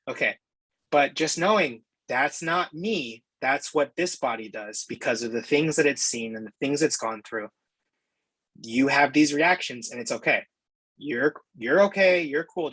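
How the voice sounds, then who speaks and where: A man's voice: on the high side, normal speed, fairly bright tone, husky, dry recording, low-quality recording. A man being interviewed as a guest, talking candidly and thoughtfully in a casual way, with the odd swear word.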